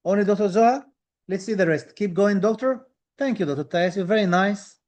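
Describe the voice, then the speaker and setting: A high-pitched man with as a teaches a live online dental exam class. He talks with eager enthusiasm, repeating key phrases to encourage his students. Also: brisk, a little mellow. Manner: enthusiastic, reads out viewer comments, repeats phrases.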